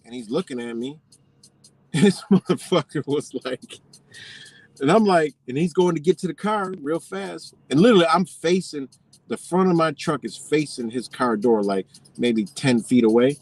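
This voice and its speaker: A man's voice: on the high side, moderate pace, dry recording. Profane man telling a story. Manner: profane, animated, swearing freely. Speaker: vlogger. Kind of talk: casual storytelling.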